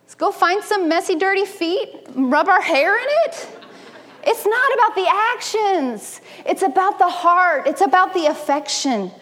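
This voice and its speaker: High-pitched woman preaching, lively and jokey, echo trailing off in a big hall. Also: measured pace. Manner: animated, personal and humorous preaching. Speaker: speaker at a church gathering. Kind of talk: sermon-style talk. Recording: long reverb in a hall.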